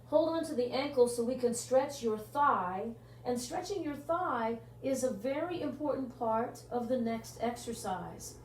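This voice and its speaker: A woman pilates instructor guiding a workout class and counting out the moves in a steady rhythm. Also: a little high, measured pace. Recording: echoey room, mic at a distance, faint hum.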